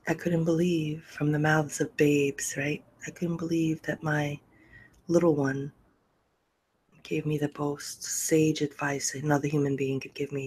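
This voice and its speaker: A middle-aged woman hosting a podcast, telling a personal story candidly and emotionally, often sinking to a soft, breathy near-whisper. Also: low-pitched, little pitch movement, measured pace, poor audio. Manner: repeats phrases for emphasis, swears freely. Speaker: podcast host.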